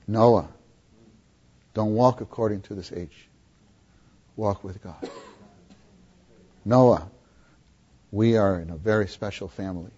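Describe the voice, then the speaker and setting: A man puts on an old grandfather, slow and earnest, counseling his grandson in a low, hushed, husky tone. The recording is muffled and lo-fi. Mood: solemn. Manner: quiet, earnest, repeating the grandson's name.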